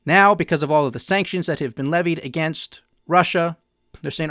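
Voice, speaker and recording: A man's voice: fairly high pitch, a little fast, fairly bright tone, dry recording, studio quality. A man hosting a finance news show, giving emphatic, sarcastic opinion commentary straight to his audience.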